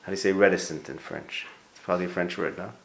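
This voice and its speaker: A man's voice: sits low, steady tone, quick pace. Man teaching a casual Torah class. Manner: conversational, thinks aloud, restarts and quizzes listeners. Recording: roomy echo.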